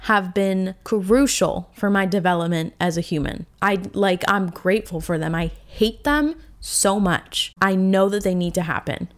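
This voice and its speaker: A woman's voice: mid-range voice, unhurried, hardly any pauses. A woman in her twenties hosting a solo podcast, talking in a candid, rambling, emotional way, full of fillers and restarts. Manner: emotional and reflective. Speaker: podcast host. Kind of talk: casual solo podcast monologue.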